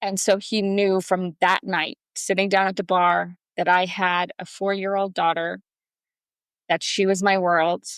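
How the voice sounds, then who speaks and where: A woman's voice: lowish voice, no room sound. Chatty woman telling a story. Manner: chatty, many fillers like "um" and "like". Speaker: podcast guest. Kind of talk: storytelling in a casual interview.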